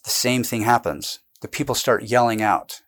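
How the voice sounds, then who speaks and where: A man being interviewed about his book, explaining at length in a casual, animated way, jumping between points and restarting sentences. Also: mid-range voice. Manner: animated, digressive, quick bursts with restarts. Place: indoors with a camera close by.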